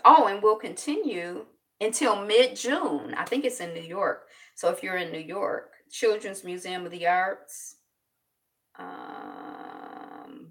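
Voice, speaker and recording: A woman's voice: mid-range voice, vocal fry, distant mic. A woman vlogger chatting casually through news items, rambling and thinking aloud.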